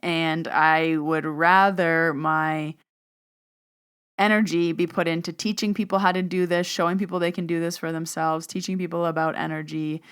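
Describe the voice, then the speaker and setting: A woman's voice: low-pitched, flat delivery, normal speed, smooth. A woman hosting a podcast, telling a personal story in a casual, chatty way, full of "like" and acted-out back-and-forth dialogue. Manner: chatty, peppered with "like", acts out quoted exchanges. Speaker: podcast host and medium.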